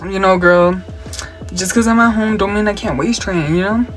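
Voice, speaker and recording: A man's voice: high-pitched, normal speed, a bit bright, faint music behind. A young man, chatting casually through a makeup tutorial and story time, sassy and profane, mixing Spanish slang into his English. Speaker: makeup vlogger. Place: at home.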